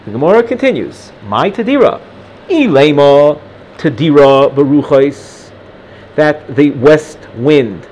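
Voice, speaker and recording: Talmud teacher, male, Ashkenazi Hebrew reading, fairly high voice, faint room hum behind. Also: a little mellow. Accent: Ashkenazi Hebrew pronunciation. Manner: reads Aramaic text then translates, with frequent restarts. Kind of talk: recorded Gemara lesson.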